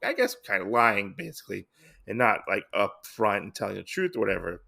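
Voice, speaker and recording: Gravelly man recapping a comic. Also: lowish voice, sing-song, a little fast, sharp tone. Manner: rambling, heavy on fillers. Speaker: comic podcast host.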